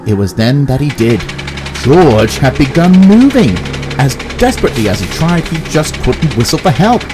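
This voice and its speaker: Male narrator, mid voice, animated intonation, music bed underneath. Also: medium pitch, moderate pace, poor audio. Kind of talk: amateur storybook narration. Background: background music.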